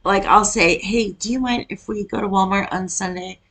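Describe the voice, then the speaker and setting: A woman from Wisconsin hosting a casual reaction video, chatty and quick to exclaim. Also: medium pitch, a bit bright, rough recording. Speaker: YouTube reaction host.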